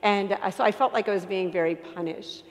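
A woman giving an earnest, emotional faith testimony to an audience, with self-deprecating humor and halting restarts. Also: mid-range voice. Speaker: inspirational speaker. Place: church. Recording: long church reverb.

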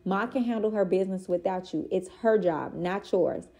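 A woman's voice: medium pitch, lively intonation, moderate pace, gravelly, dark tone. Woman reading as a protective mother. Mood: tender. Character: protective worried mother, quick to anger.

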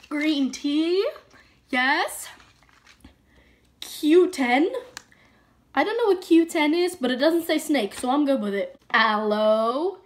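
Bubbly woman beauty vlogger, high voice, chatty and dramatic, faint hiss behind. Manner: bubbly, dramatic reactions, lots of "like". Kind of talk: casual haul video chat.

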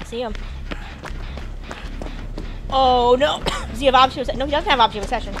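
A woman's voice: sits high, brisk, pauses often, over music. A woman giving casual, jokey commentary while streaming a video game, talking to the characters on screen. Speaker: gameplay streamer.

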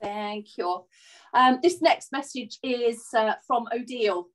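A woman with a slightly higher voice co-hosts an online exercise class and reads a message aloud on a video call. She pauses with fillers as she goes. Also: rough recording.

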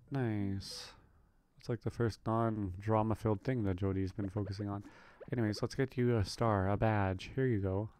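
A man's voice: on the low side, steady tone, normal speed, a little mellow, soft background music. A man casually commenting on his own farming game playthrough, chatty and rambling with lots of fillers. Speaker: gaming video creator. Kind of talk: relaxed let's play commentary.

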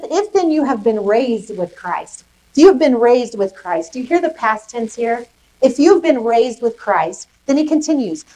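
Woman pastor, sermon, fairly high voice, emphatic, asks the congregation questions. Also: a little mellow, low-quality recording. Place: church service in a rec center.

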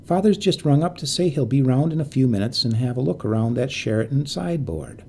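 Bright, breezy young sister calling out, put on by a gravelly male narrator. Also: mid-range voice, lively intonation, a little fast, slight background noise. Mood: cheerful.

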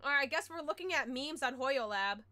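A woman streamer chatting casually to her viewers through a headset mic, excitable and quick to loudly exclaim and complain. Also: sits high. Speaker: game streamer. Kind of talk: casual live-stream chat.

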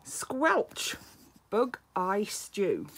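A woman reading a picture book aloud to a child, speaking gently and coaxingly, with soft whispered asides. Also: medium pitch, wildly swooping pitch, very slow, breathy edge.

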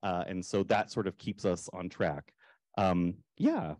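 Guy on a panel, lowish voice, kinda halting, lots of ums, dry mic. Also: big pitch swings, darkish tone, no echo. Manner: halting, many fillers and restarts. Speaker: librettist. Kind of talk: panel discussion.

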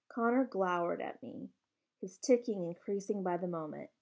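A woman reading a novel aloud in steady first-person narration, with casual asides to her listeners. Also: on the low side, moderate pace, vocal fry. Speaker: reader.

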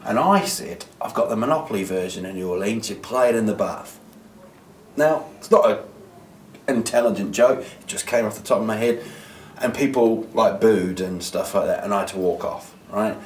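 A man's voice: on the low side, normal speed, far from the mic. A man, a comedian, chatting casually in an interview, rambling with fillers and acting out what people said. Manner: rambling with many fillers, acts out quoted voices. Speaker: comedian guest. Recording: roomy sound from off the mic, faint background noise.

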